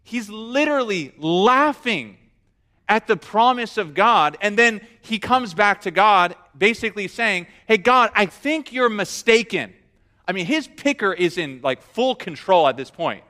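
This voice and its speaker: A man's voice: high voice, measured pace. A man preaching a sermon, telling the story with humor and acting out the quotes. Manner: animated storyteller, acts out quotes. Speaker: pastor.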